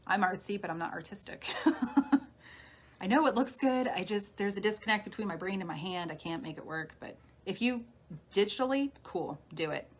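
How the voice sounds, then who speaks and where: A woman healer giving a live-streamed talk, guiding listeners gently through steps like a coach. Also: mid-range voice, lively intonation, moderate pace, slightly rough. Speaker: spiritual healer. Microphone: phone or webcam on a live stream.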